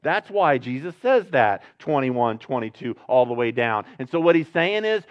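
A man preaching a sermon in a conversational style, breaking into loud emphatic bursts and chatty asides. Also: medium pitch, very animated, moderate pace, few pauses, highs cut off. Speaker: pastor.

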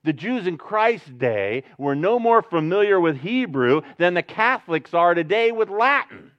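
A man delivers a sermon, easy and chatty in his asides but rising sharply and loudly when he drives a point home. His voice sits somewhat high for a man, and the recording is dull and muffled. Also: sing-song, measured pace. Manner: conversational preaching with sudden loud emphatic bursts and asides. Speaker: pastor.

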